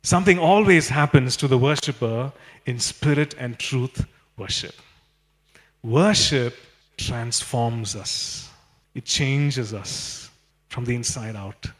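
A man preaching a sermon in an animated way, with many fillers and repeated phrases. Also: mid-range voice, slow pace.

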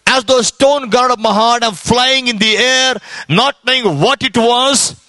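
A man's voice: very high-pitched, normal speed, sharp tone, no echo. A man from India giving a fervent sermon testimony as an evangelist, telling his story with repetition and rising exclamations.

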